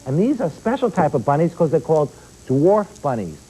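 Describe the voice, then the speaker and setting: A man serves as a pet expert on a children's TV show, explaining animals and quizzing the kids in the studio directly. His voice is a little high and sing-song, mellow with a breathy edge, at normal speed, and the recording is rough.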